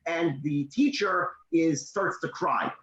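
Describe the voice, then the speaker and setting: Guy on a video call telling parenting stories, lively, kinda high voice, echoey muffled sound. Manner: animated, with emphatic pauses and tips. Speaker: motivational speaker. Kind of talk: storytelling advice in a conversation.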